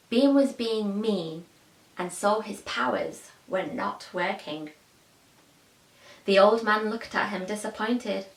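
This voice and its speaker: Slow, high-voiced woman storyteller. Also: creaky. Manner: expressive, asks listeners questions. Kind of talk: children's storytelling. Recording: echoey room.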